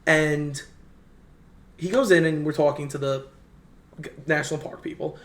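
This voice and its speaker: Young man telling a story in a roomy room. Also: a little high. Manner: animated, fast storyteller who acts out quotes. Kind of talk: casual storytelling chat. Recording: roomy echo.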